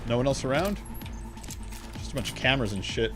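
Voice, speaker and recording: Excitable young man streaming a game. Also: medium pitch, a little fast, pauses often, music in the background. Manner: rambling, excitable, swears freely. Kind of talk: casual gaming commentary.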